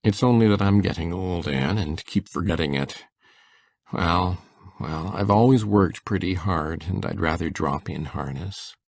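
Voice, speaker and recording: An actor playing a shy, gentle older farmer who talks in a slow, halting, homespun way. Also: male voice, deep voice, gravelly, dry recording, exaggerated voice. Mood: weary. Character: shy gentle elderly farmer, quiet and fond. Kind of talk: full-cast audiobook drama.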